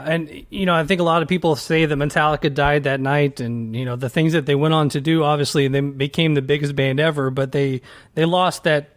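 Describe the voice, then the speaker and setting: A man hosting a casual interview, conversational and enthusiastic, filling pauses with "you know". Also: a little high. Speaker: podcast host.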